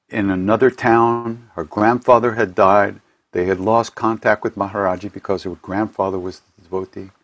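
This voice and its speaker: A man hosting an online gathering from his home, telling spiritual stories in a rambling, casual way and restarting his sentences often. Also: fairly low pitch. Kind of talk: casual storytelling talk. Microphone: home computer mic for an online event.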